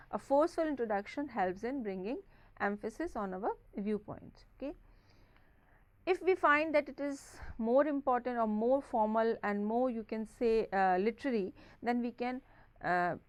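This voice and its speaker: A woman with an Indian English accent giving a recorded lecture, explaining step by step and filling pauses with "okay" and "uh". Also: a little high, no echo. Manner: explanatory, frequent "okay" and "uh" fillers.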